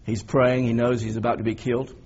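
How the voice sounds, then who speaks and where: A man preaching a sermon as a pastor, telling the story in an animated way and swinging between loud emphasis and quiet reflection. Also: mid-range voice, a little fast, slightly rough, highs cut off.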